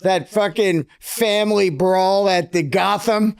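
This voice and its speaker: A man's voice: high-pitched, steady tone, takes it slowly, creaky, crowd noise. A man who is a guest comedian on a podcast, chatting casually with enthusiasm and plenty of swearing. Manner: enthusiastic, profane, plugs tour dates.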